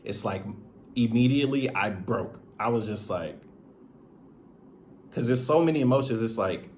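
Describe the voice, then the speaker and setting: A man's voice: medium pitch, lively intonation, normal speed, long pauses, a little mellow, slight background noise. A young man telling a personal story to camera in a rambling, candid way, full of "like" and "right?". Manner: rambling, heavy use of "like" and "right?"; earnest, candid and confiding. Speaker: streamer and video creator.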